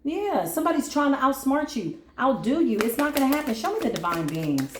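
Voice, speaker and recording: A woman giving a spiritual tarot reading in a vlog, animated and slangy with casual swearing, now and then breaking into sung bits. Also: high-pitched, a little fast, reverberant, noisy background. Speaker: tarot reader.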